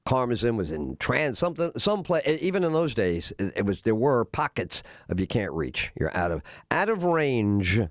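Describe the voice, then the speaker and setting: A man's voice: on the low side, dry recording, clean studio sound. A middle-aged man hosting a radio show, telling a long story and acting out the other people in it, with many "uh" fillers. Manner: animated, acts out other voices in his anecdotes; frequent "uh" fillers. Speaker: radio host. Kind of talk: storytelling monologue.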